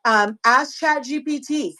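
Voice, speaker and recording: A woman with a Southern US accent chats on a livestream and gives advice to other sellers. Her voice sits a touch high and she takes her time. She repeats herself and restarts her sentences as she goes. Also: unhurried, sharp tone. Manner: rambling, repeats words and restarts. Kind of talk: casual livestream chat.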